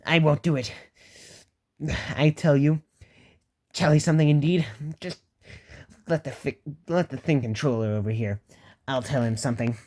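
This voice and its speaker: A man's voice: medium pitch, fairly even intonation, moderate pace, pauses often, darkish tone, close to an everyday voice. A man voicing a snobbish, grumbling male engine in a storybook reading. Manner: grumbling and haughty.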